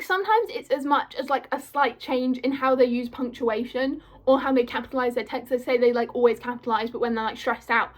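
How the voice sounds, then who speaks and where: A young woman, gushing in a casual vlog and filling her talk with "like". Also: high-pitched. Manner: gushing, filler-heavy, full of "like". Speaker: vlogger.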